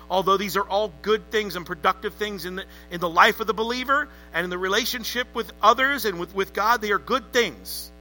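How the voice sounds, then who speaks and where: Bright-voiced man preaching a sermon. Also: sits high, poor audio. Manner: emphatic, calls on the congregation to repeat words. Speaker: pastor.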